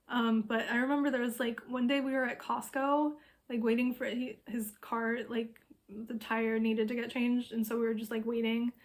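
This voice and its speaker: Flat-toned woman in loose casual chat. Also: on the high side. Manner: loose, filler-heavy talk with frequent "um" and "like". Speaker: astrologer. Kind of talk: casual retelling of a memoir.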